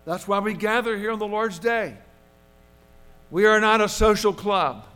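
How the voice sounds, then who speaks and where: A male pastor preaching a sermon in an earnest, measured way, driving points home with repetition. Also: high voice, bright, forceful tone, smooth.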